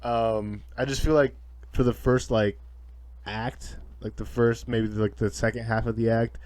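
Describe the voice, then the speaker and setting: A man co-hosting a podcast, chatting casually in a halting, rambling way. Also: mid-range voice, little pitch movement, a little mellow, dry recording. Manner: rambling, halting, lots of fillers and restarts. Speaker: podcast co-host. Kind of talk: casual chat.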